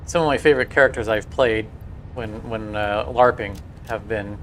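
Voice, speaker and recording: A man's voice: on the low side, fairly even intonation, normal speed, slight background noise. A man streaming a building game, chatting casually and telling rambling stories with many restarts. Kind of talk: casual livestream chat.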